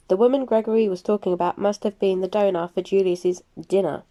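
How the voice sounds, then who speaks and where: Lady reading a book out loud for her channel, mellow soft tone, chatty. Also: mid-range voice, fairly even intonation, fairly quick. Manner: chatty, self-deprecating. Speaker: book reader and crafting channel host. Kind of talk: audiobook narration.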